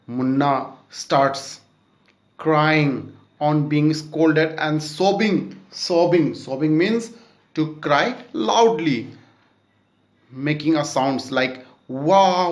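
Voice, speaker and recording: A male teacher walks a class through a story, stopping to explain words and check in with the students. His voice is a bit high and his delivery slow and careful. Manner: explains word meanings, checks with "okay?". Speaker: school teacher.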